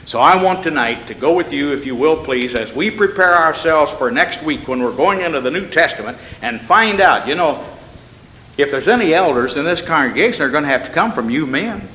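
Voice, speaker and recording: Brisk and expressive, this pastor's fairly high voice sounds pushed and bright as he preaches an evening sermon. The church sanctuary echoes with long reverb while he reads from scripture, poses rhetorical questions, and drops in homespun asides.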